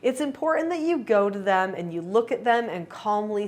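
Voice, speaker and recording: Calm, earnest woman parenting coach. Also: medium pitch, moderate pace, few pauses. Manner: calm, earnest, acts out parent and child lines. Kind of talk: instructional talk to camera.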